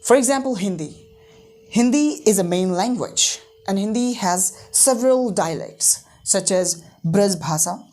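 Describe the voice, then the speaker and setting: A woman's voice: mid-range voice, animated, a little slow, a little mellow. A woman teaching a language lesson, repeating words and often checking in with "right?". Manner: repetitive, checks understanding with "right?". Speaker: English teacher.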